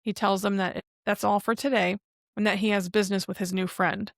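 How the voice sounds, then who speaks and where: A woman's voice: mid-range voice, flat delivery, a little fast, gravelly, dry recording, clean studio sound. A woman co-hosting a podcast, casually recapping a TV episode scene by scene in a chatty, rambling way. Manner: chatty retelling with frequent "and then" links. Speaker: podcast co-host.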